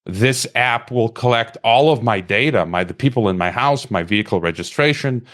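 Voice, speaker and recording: An impassioned male podcast host talking at a middle pitch for a man. He rambles through a long personal story, stumbling and restarting his sentences before he reaches his question. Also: expressive, normal speed, a bit bright. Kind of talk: conversational interview question.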